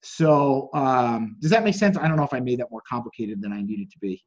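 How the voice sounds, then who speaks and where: A man's voice: brisk, dull audio. A man coaching on a group call, reading out chat messages, critiquing them, and acting out quoted lines. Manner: acts out quoted dialogue with lively pitch jumps. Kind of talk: casual teaching on a group call.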